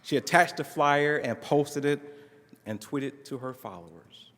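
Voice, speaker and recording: A man's voice: mid-range voice, expressive, measured pace, a bit bright. A man at a conference reading a narrative aloud with expression, acting out the dialogue in shifting voices. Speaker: conference speaker reading a case story. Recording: long reverb of a large hall.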